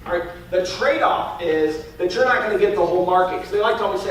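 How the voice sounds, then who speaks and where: A man teaching sales talks at a fast clip, demonstrating his pitch to clients in role-play and peppering it with "all right?". The far-off recording sits in a very echoey space with faint noise.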